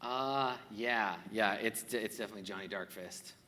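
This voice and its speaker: A man running a live improvised tabletop game as game master, narrating in a chatty, halting way on a convention stage. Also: lowish voice, pushed and bright, slight background noise. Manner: chatty, halting, many fillers and restarts. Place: stage at a large convention hall. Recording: live hall reverb, faint crowd ambience.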